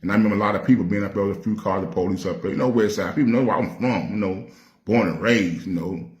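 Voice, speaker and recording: A man's voice: on the low side, fast talker, echoey room, highs cut off. A man with a Nashville Southern accent, a rapper telling stories in a casual, streetwise and profane way, acting out the voices he quotes. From Nashville, Tennessee. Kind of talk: casual storytelling.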